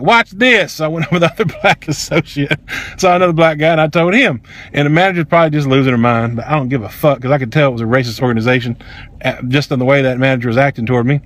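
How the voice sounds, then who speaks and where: Fast-talking, heated man. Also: on the high side. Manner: heated, profane, emphatic. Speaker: vlogger. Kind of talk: angry personal storytelling.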